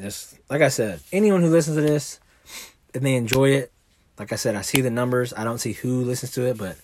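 A man's voice: mid-range voice, a little mellow, slightly rough. A man hosting a podcast, rambling in casual chat and swearing freely. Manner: rambling, profane, laid-back. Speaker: podcast host. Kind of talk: casual monologue.

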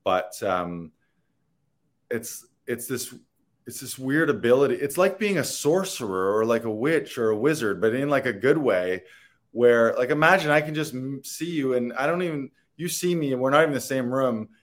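A man's voice: mid-range voice, animated, moderate pace. A man, an actor, talking in a rambling, earnest and playful way in a casual interview, laughing and swearing now and then. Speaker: actor guest.

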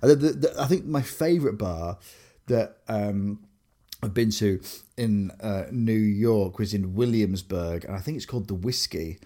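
English man, podcast co-host, casual chat, low voice, animated storytelling. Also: normal speed. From England. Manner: animated storyteller, lots of fillers and restarts.

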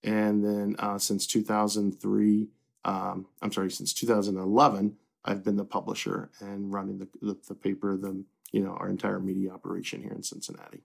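A middle-aged man from Kentucky, a newspaper publisher, talking in a relaxed, reflective way with many fillers and restarts as an interview guest. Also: lowish voice, normal speed, creaky. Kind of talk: casual interview.

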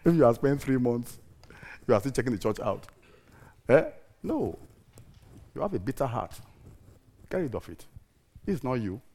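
A man's voice: mid-range voice, big pitch swings, normal speed, long pauses. Preacher man with call-and-response emphasis. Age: 50s. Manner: call-and-response, loud rising emphasis, repeats phrases. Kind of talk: sermon. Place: church.

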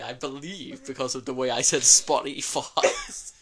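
A man's voice: fairly high pitch, big pitch swings, moderate pace, hardly any pauses, over a noisy crowd. A man hosting an improvised comedy podcast in a pompous, mock-offended manner, often cracking into laughter. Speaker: podcast host.

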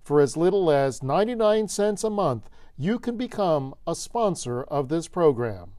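A man's voice: a little high, dry recording, studio quality. A man hosting a motivational podcast, reading a joke and a short reflection in a scripted, storytelling way. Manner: storytelling with lively, animated delivery. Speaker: podcast host.

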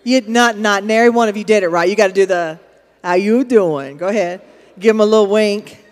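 A woman pastor preaches a sermon in a church auditorium, telling stories conversationally and adding emphatic asides to her congregation. Her medium-pitched voice is steady and fast, and the recording carries the long reverb of a large hall.

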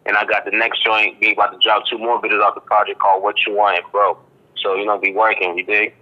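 A man from Boston, a rapper giving a relaxed interview in slangy talk full of fillers and "you dig.". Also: lowish voice, fast. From Boston, Massachusetts. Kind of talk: casual interview chat. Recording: dull lo-fi line.

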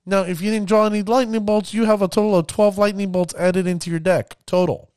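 A man giving casual commentary on card games, addressing his viewers as ladies and gentlemen and acting out players' reactions. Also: high-pitched, steady tone, fairly quick, no room sound, studio quality. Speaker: card game content creator.

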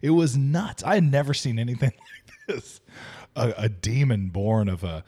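Man, podcast co-host, husky, excitable, casual movie chat. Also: mid-range voice, normal speed. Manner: excitable, laughs a lot, many fillers.

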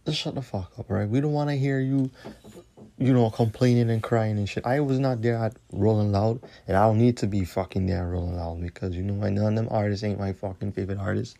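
Podcast host, male, deep and dark, confrontational and profane. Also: a little fast, gravelly. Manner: profane, confrontational ranting with repeated tag questions. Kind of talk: solo podcast rant.

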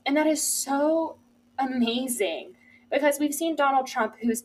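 A young woman co-hosting a podcast in casual chat, earnest and enthusiastic, often saying how excited she is. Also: high voice, measured pace, rough recording. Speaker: podcast co-host.

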